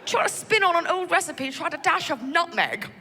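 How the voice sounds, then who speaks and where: A woman voicing a prim, polite British gentleman in a put-on posh British accent, speaking slowly and genteelly. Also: very high-pitched, lively intonation, big-room sound, slight background noise, pitched above the performer's own voice, full character voice.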